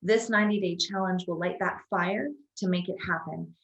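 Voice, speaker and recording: A woman's voice: fairly low pitch, fairly even intonation, normal speed, vocal fry, dull audio, a crowd in the background. A woman co-hosting a casual chat, explaining a coaching program with persuasive enthusiasm. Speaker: co-host promoting a coaching program. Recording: echoey room.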